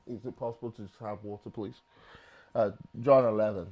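A man's voice: fairly even intonation, normal speed, lo-fi sound. A man with a London accent preaching a sermon dramatically, acting out quoted voices and often repeating words as he goes. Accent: London English. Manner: dramatic, acts out quoted voices with swings in pitch and volume. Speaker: pastor.

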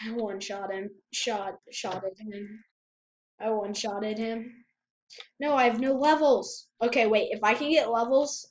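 Excitable high-voiced woman gamer, lo-fi. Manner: excitable, exclaims and repeats herself. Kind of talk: casual gameplay commentary. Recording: dull lo-fi home mic.

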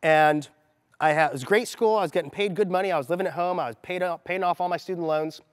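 A mindset coach in his thirties addresses a gathered group in a noticeably high, smooth voice at a quick pace, telling a story energetically and acting out the lines he quotes. His sound is close and dry up front, trailed by the long reverb of a large hall.

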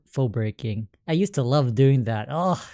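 A woman streamer chatting through a fighting game, calm between rounds and bursting into excited yelps mid-fight. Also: a bass voice, a little slow, dry recording. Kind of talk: live gameplay commentary.

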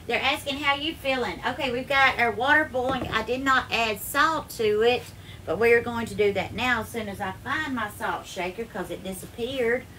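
A woman's voice: on the high side, normal speed, noisy background. A woman from Alabama with a Southern accent hosts a casual live cooking stream from her home kitchen, greeting viewers by name and calling them darling. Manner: effusive, calls viewers darling, bubbly sing-song greetings. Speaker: home cooking livestream host.

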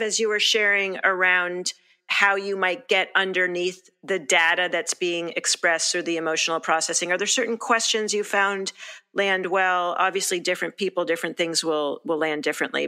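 A woman with a bright, forward voice who guides a podcast talk. She asks open questions and breaks in with playful jokes, sometimes jumping into high mock voices. She sounds lively and engaged. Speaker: podcast host and moderator. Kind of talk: conversational moderating.

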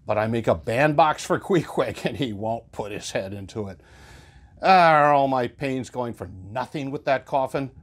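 A man voicing a fussy, proud old male ship's carpenter who mutters low complaints. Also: husky.

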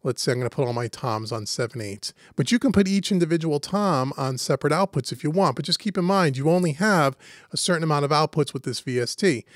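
A man with a fairly high voice walks through a software tutorial step by step, in a relaxed, conversational way. His voice is close and dry, with no room sound around it. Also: quick pace, dry recording. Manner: casual, step-by-step walkthrough. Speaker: host and instructor. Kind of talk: screen-recorded software tutorial.

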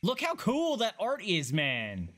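Excitable gushing man playing a game. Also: sits high, slow. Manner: gushing and excitable, squeals and swears. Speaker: gaming streamer. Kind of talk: casual let's-play commentary.

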